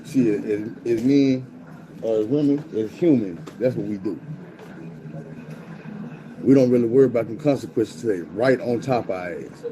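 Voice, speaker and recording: A man tells a story in casual, profane street slang, acting out quotes with animated swings in his voice. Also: mid-range voice, moderate pace, pauses often, highs cut off, noisy background.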